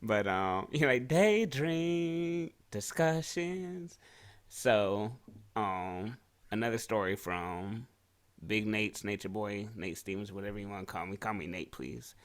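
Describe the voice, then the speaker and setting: A man's voice: on the low side, steady tone, measured pace, fairly bright tone. A man co-hosting a podcast, telling a crude story in casual chat and laughing often as he goes. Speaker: podcast co-host.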